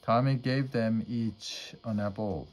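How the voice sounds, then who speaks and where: A man reading a children's storybook aloud at a measured pace. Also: lowish voice, steady tone. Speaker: storybook reader.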